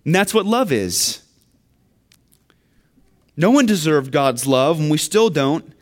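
A man's voice: fairly high pitch, lively intonation, takes it slowly. A man preaching a sermon, earnest and building to emphatic questions. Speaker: pastor.

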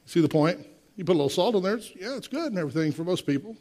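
A man's voice: sits high, lively intonation, rapid-fire, a little mellow. A man in his sixties preaching a sermon, emphatic, with rhetorical questions and direct asides to the congregation. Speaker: pastor.

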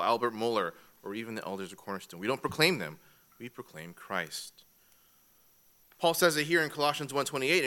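A man's voice: medium pitch, pushed and bright. A man teaching a church class from an outline, methodical and repeating each key point. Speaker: Bible teacher.

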